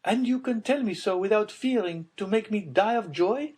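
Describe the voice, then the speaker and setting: A man voicing a distraught middle-aged aristocratic mother, pleading in a high, loud, tearful voice in an audiobook. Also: moderate pace, breathy edge. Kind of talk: audiobook character voice.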